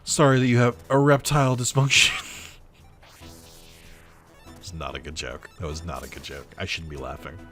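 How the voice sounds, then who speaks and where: A man with a low voice talks through a video game as he plays it, musing out loud and swearing. He laughs at his own bad jokes. Faint game music runs behind him. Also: normal speed, long pauses. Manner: reads game dialogue aloud in put-on voices. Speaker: gameplay commentator. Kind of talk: casual let's-play commentary.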